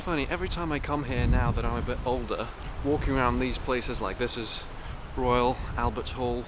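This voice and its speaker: A man's voice: medium pitch, moderate pace. Young male vlogger, English not his first language, wry rambling chat, handheld camera out on the street, heavy traffic noise behind. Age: young adult. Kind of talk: walking vlog. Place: outdoors on city streets. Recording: loud street noise outdoors. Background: loud traffic and street noise.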